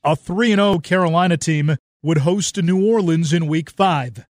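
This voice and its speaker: A man narrating a sports documentary in a measured, scripted way. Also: fairly high pitch.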